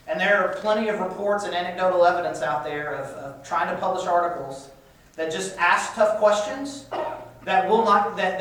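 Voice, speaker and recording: A man gives a casual classroom lecture, his voice on the higher side, talking loosely and often restarting his sentences. He is picked up from a distance in a strongly echoing room. A faint hiss sits under the recording. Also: fairly bright tone. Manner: conversational, with frequent restarts and repetitions. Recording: echoey room, far-off mic, faint hiss.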